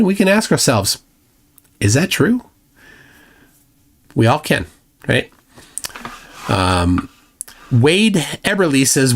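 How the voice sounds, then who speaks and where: A man hosting a live stream, reading viewer comments in casual chat and adding mocking, lecturing asides. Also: mid-range voice. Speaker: livestream host.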